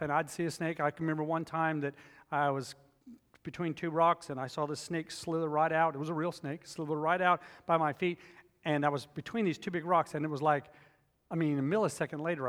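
Man, pastor, sermon, emphatic repetition, higher voice, long hall echo. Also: fairly bright tone. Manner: emphatic preaching with repetitions, storytelling asides.

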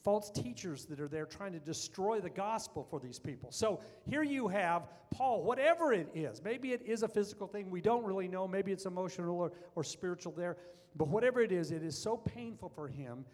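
A man's voice: high voice, animated, brisk, a little mellow. A man preaching a sermon as pastor, earnest and building to fervent emphasis. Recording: long reverb of a large hall.

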